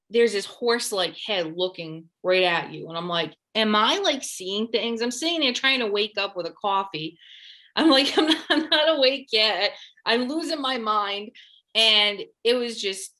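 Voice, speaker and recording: A woman researching a lake monster, telling her story in an interview in a lively way and often quoting herself. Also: medium pitch. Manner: animated, quotes herself mid-story.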